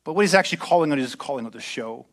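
A pastor delivering a sermon at a church service in a conversational style, slipping in joking asides. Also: male voice, on the high side, expressive, very fast.

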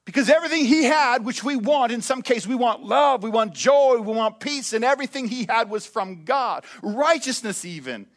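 A man preaching a sermon as pastor, animated, swinging between loud emphatic lines and hushed quiet ones. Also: very high-pitched, moderate pace, hardly any pauses.

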